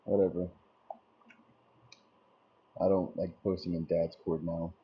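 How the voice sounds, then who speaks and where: A man's voice: low voice, little pitch movement, measured pace. A man chatting casually on a live stream, rambling in a laid-back way as he answers viewer messages aloud. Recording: dull lo-fi stream audio, faint noise.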